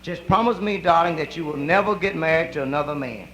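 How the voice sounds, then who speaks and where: A male comedian playing a dying old preacher who pleads softly and slowly with his wife. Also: on the high side, voice pushed down, lightly acted, low-quality recording. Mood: pleading.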